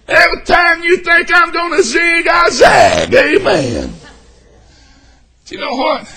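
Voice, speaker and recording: In a church sanctuary, a pastor with a Southern US accent preaches exuberantly, shouting and breaking into high whoops and laughter.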